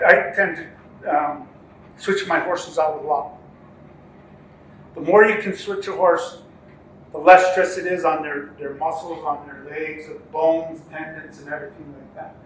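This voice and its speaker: A man's voice: on the high side, fairly even intonation, fairly bright tone, a little hiss or hum. A man who races horses in relays, telling a story in an interview with many ums and restarts, acting out what others said. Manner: halting, many ums and restarts, acts out quoted talk. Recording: echoey room, mic far off, faint ambience.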